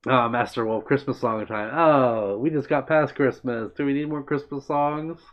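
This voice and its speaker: Friendly male streamer reading chat aloud, mid-pitched, casual and rambling, dull lo-fi mic. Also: moderate pace. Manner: friendly, meandering, answers chat by name. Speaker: livestream host.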